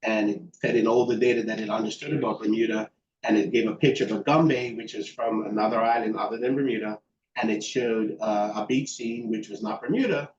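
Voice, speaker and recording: A man with a lowish voice answers interview questions thoughtfully, often pausing on fillers and restarting his sentences. The sound is roomy and a little dull, as if from a video call. A faint hiss of background noise sits under him. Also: fairly even intonation, darkish tone. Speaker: guest expert.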